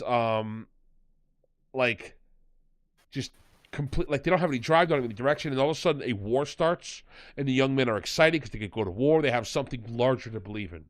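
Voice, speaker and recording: A man talks through a show recap in a loose, rambling way, with a sarcastic edge. His voice sits at an ordinary middle pitch. The sound is dry and close, with no room around it. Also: no room sound. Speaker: podcast host. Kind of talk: casual review chat.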